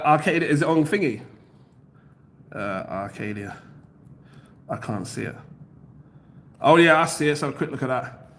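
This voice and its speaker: A man's voice: medium pitch, a little hiss or hum. A man hosting a casual crypto livestream from home, rambling as he reads out viewer comments and web pages. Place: home, near his kitchen.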